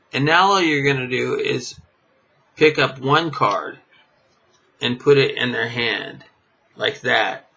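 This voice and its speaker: This man's medium-pitched voice is bright and forceful with a breathy edge, at a moderate pace. A magic teacher, he rambles through a card trick lesson, using lots of fillers and chuckling at himself, on dull lo-fi camera audio.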